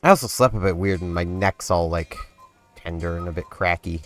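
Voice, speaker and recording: A man casually rambling while commenting on his gameplay, his voice hoarse and not yet warmed up. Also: sits low, a little fast. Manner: rambling, chatty, self-deprecating. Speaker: gaming video host. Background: game music.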